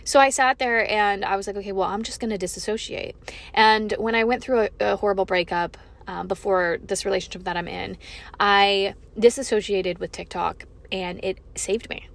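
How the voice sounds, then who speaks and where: A young woman hosting her own podcast, talking frankly and emphatically, swearing freely as she opens up about feeling low. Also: fairly even intonation, moderate pace, gravelly. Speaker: podcast host. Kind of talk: candid solo podcast monologue.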